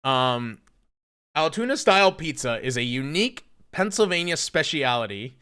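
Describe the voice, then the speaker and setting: Bright-voiced swearing young streamer. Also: male voice, on the high side, very animated, normal speed, clean tone. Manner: profane, mocking, incredulous. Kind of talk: casual livestream rant.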